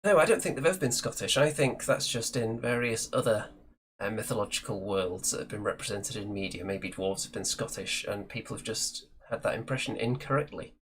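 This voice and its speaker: A man hosting a casual hobby chat show, talking in a relaxed, chatty way and thinking aloud. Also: on the low side, a little fast. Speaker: show host.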